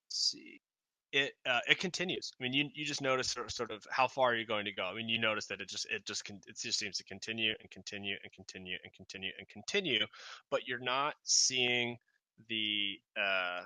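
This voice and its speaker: A man running a tabletop game as game master, narrating in a rambling, halting way full of fillers and restarts, over an online call. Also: on the low side, bright, forceful tone, dry recording.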